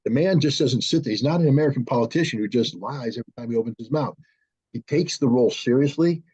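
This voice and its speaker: A man's voice: mid-range voice, quick pace, warm tone, slightly rough. A man giving blunt, emphatic political commentary as a guest analyst on a video call. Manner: blunt and emphatic, mimics politicians in raised voices. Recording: muffled lo-fi call audio.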